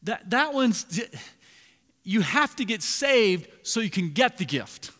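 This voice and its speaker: A man preaching a sermon as pastor, animated, swinging between loud emphasis and hushed asides. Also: high-pitched, slow pace. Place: church sanctuary. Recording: long reverb in a large hall.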